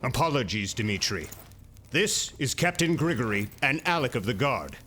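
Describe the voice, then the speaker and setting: A courteous soldier. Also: male voice, medium pitch, very animated, normal speed, bright, forceful tone, a little hiss or hum. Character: polite male soldier, eager and deferential.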